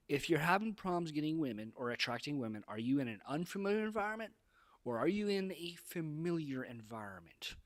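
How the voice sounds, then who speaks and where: A man talking straight to camera, giving dating advice in an emphatic, preachy way, repeating phrases for effect. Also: fairly high pitch. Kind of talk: casual advice monologue.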